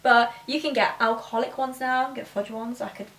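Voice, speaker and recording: A woman chats on a podcast, giggly and rambling, in a fairly high voice. She sits a little back from the mic. The room rings with echo. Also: fairly even intonation, a little fast, fairly bright tone. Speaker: podcast co-host. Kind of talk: casual chat. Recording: echoey room, distant mic.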